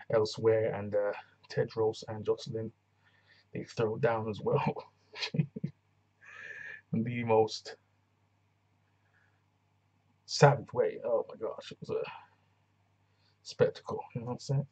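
A man's voice: on the low side, darkish tone, breathy edge, lo-fi sound. A man giving a casual, rambling recap of a TV episode, full of slang and restarts. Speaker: TV reviewer.

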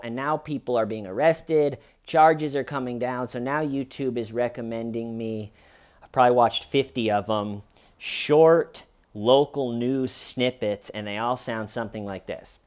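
A man talking through a loose, sarcastic comedic commentary. He rambles from point to point and slips into mocking voices whenever he quotes someone. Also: mid-range voice.

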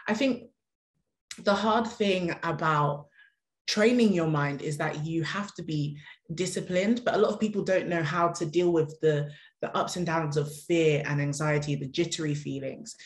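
Low-voiced woman host, echoey room. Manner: thoughtful, halting, many fillers while forming questions. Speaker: podcast host. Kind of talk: interview questions, conversational.

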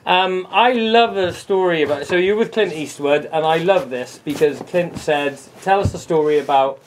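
A man's voice: fairly high pitch, moderate pace, a little hiss or hum, rough recording. A man hosting a casual interview, full of enthusiastic, matey banter. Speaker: host.

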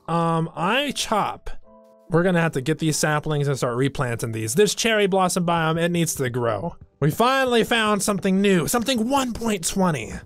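Young guy doing game commentary, bit higher voice, bouncy and animated, jokey, faint game music behind. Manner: joking, talks to his horse, sudden squeals of dismay. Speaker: let's play host. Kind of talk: casual gameplay commentary.

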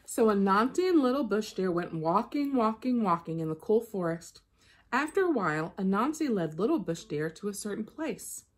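A woman with a medium-pitched voice reads a children's picture book aloud at normal speed. She tells the story expressively, like a storybook reader.

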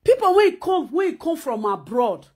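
A high-pitched woman speaking with a Nigerian Pidgin accent. She rants at the camera in a scolding, mocking, animated way. She keeps sewing as she talks. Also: a little slow. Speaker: vlogger. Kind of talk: ranting vlog commentary.

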